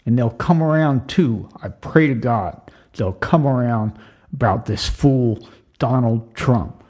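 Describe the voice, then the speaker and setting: Older man, husky and tearful, voice cracking through an impassioned, repeating rant. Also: medium pitch, takes it slowly, a little mellow. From United States. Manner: impassioned, ranting, repetitive. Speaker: retired vlogger. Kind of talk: emotional monologue.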